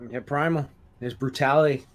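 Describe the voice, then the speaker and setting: A man co-hosting a podcast in casual chat, retelling scenes in a profane, animated way. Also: mid-range voice, moderate pace. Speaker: podcast co-host.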